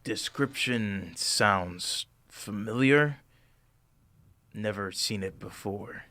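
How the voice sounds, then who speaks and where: Man voicing a gruff, terse warrior. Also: a little slow, no room sound, heavily acted. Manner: terse, low and quiet. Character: gruff, taciturn male warrior companion.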